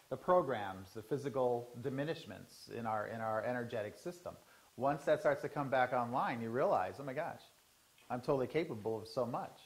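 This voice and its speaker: A man's voice: mid-range voice, rough recording. A man teaches a small group in a loose, rambling way. He slips into little acted-out voices as he tells his stories. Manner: rambling, animated storytelling with acted-out inner voices. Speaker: workshop leader.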